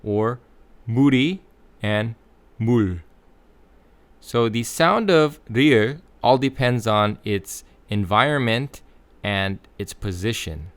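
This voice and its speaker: A man teaching English pronunciation in a clear, deliberate lesson, slowly stressing the example words. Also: fairly low pitch, a bit bright, heavy reverb. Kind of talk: scripted lesson.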